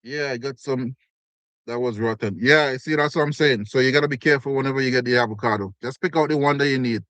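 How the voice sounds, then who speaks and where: A man's voice: medium pitch, fast talker, fairly bright tone, no room sound. A man from Canada hosting a casual live stream, chatting with viewers, thanking them by name and reading comments aloud as he eats. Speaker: livestream host. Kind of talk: casual live chat while eating.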